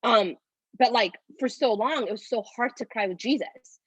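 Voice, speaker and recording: Her voice a little high and husky, a woman in her thirties talks at normal speed as a podcast guest, rambling through personal stories in run-on phrases packed with "like." She sometimes sounds close to tears. There's no room sound, but the audio is dull.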